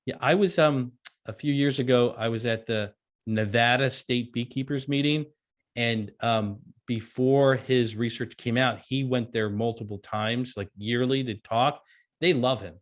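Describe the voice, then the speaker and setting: A man's voice: mid-range voice, a little slow. Easygoing man guest, often laughing. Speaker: author and beekeeper guest. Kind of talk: casual interview chat.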